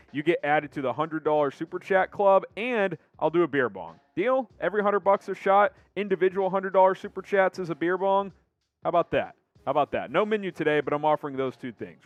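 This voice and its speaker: A man's voice: fairly high pitch, dry recording. Upbeat man hosting a live sports show. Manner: upbeat, rapid, reads viewer names in quick bursts. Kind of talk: live sports show reading viewer chat.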